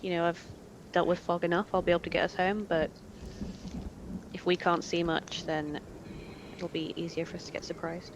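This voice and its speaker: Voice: medium pitch, flat delivery, moderate pace, long pauses, background noise. A player in a tabletop game, talking in a casual, practical, dry way.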